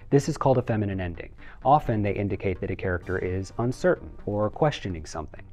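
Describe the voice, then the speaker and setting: Young man with a low voice, coaching actors. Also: animated, quick pace, dark tone, soft background music. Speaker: acting coach. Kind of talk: scripted instructional narration.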